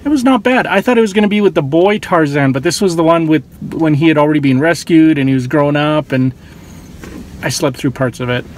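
A middle-aged man narrating his family's day in a relaxed, casual vlog, with dry teasing humor. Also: a little high, fast, few pauses, a little hiss or hum. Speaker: father and family vlogger.

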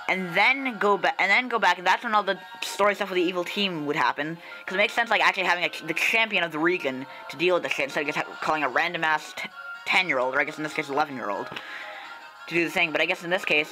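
Excitable, bright-voiced man playing a game. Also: sits high, rough recording. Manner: excitable, slangy and profane. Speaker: let's play host. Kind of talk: casual gameplay commentary.

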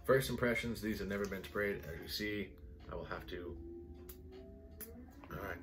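Excitable low-voiced man reviewing fragrances. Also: normal speed, over music. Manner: excitable, enthusiastic, rambling with many "like"s. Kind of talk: casual review vlog.

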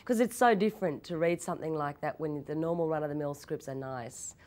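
A young woman in an interview, telling anecdotes in a lively way, laughing often and restarting her sentences. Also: low voice. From Australia. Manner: animated storytelling, laughs often, quick repeated restarts. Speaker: actress interviewee.

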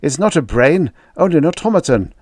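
A man voicing a desperate, feverish male starship mutineer, shouting in an urgent, strained, breathless way. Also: fairly high pitch, animated, moderate pace, no room sound, clean studio sound, pitched above the performer's own voice, natural voice.

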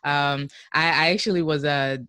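A woman's voice: deep voice, fairly even intonation, moderate pace, pushed and bright, clean tone, no echo. Woman guest, casual podcast chat, filler-heavy, giggly, dry close mic. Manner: chatty, heavy use of "like" and "you know", laughs often. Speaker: podcast guest, driving show host. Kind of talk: casual conversational interview.

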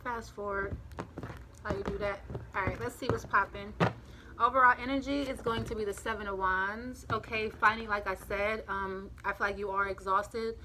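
A woman's voice: mid-range voice, steady tone, moderate pace. Breathless woman doing a chatty tarot reading. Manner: rambling, chatty, repeats herself. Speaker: tarot reader. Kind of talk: casual tarot reading to camera. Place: front room of a home by a street. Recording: home recording with clear street noise. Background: street noise, passing cars.

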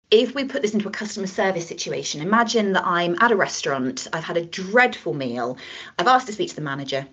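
Woman trainer teaching a workshop, husky voice. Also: on the low side. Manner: explains with gestures and examples, acts out scenarios. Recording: dull lo-fi recording.

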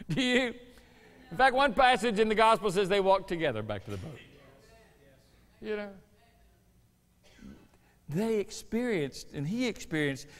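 A man preaching a sermon as pastor, building to loud emphatic peaks between folksy asides. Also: high voice, long reverb tail. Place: church sanctuary.

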